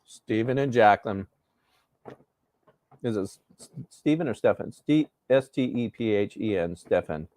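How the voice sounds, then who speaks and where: A man casually chatting while hosting a live breakfast cooking stream, rambling and relaxed with plenty of fillers. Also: on the low side, normal speed, pauses often, no echo. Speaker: host.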